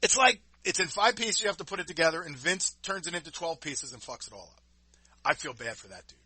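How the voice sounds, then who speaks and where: A man with a husky, bright voice riding a lively, swooping pitch as he co-hosts a casual talk show. He is blunt and swears freely, and the sound is close and dry with no room around it. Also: fast talker, no echo. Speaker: podcast co-host.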